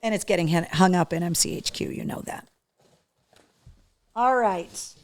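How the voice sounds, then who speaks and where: A woman hosting a casual live show, chatty and excitable, talking to her dog between opening gifts from fans. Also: fairly low pitch, normal speed, no echo. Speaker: host.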